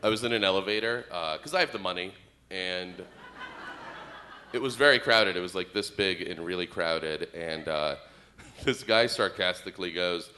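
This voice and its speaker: Male comedian, co-host, stand-up set; bright, sharp tone, rambling observational delivery. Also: low-pitched, moderate pace. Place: stage before a live audience.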